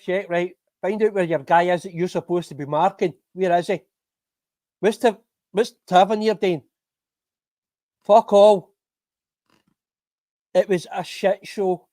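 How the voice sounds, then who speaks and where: Scottish man, fan podcast host, angry sweary rant, fairly high voice, dry close sound. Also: a little mellow, dry recording. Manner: angry, sweary, ranting with bitter laughs. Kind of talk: live-stream fan rant.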